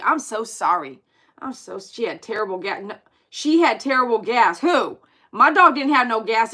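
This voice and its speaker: A woman chatting casually with viewers on her livestream, animated and exclaiming as she reads comments aloud. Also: a little high. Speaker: dog groomer hosting a livestream.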